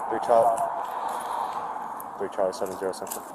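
A man's voice: fairly low pitch, vocal fry. A male police officer at a crash scene giving urgent, repeated commands and radio calls. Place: roadside outdoors by traffic. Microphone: body camera. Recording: bodycam with loud traffic noise.

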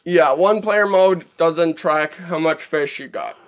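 A man's voice: on the high side, slow pace. A man streaming live gameplay commentary, chatty and easily exasperated, laughing often at what happens on screen.

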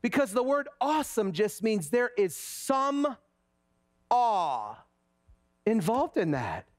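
A man in his forties preaching a sermon as pastor, telling lively stories before slowing to a quiet, earnest close. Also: high-pitched, no echo. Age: 40s. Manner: animated storytelling that drops to a quiet, slow, earnest close.

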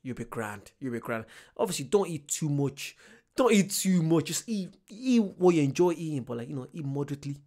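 A male vlogger chats casually in a slightly high voice, relaxed and easygoing. He repeats short phrases as he talks to his viewers. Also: brisk. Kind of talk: casual reaction chat.

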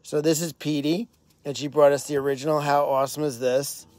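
A man's voice: fairly high pitch, level tone, fairly quick, a little mellow, no room sound. A man hosting a casual live stream outdoors at an animal sanctuary at night, talking with upbeat enthusiasm and plenty of fillers.

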